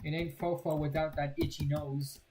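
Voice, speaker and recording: A man's voice: fairly high pitch, level tone, normal speed, mellow, slight background noise. Playful young male gaming commentator. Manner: playful, rambling, jokey. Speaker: gaming channel host. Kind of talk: casual gameplay commentary.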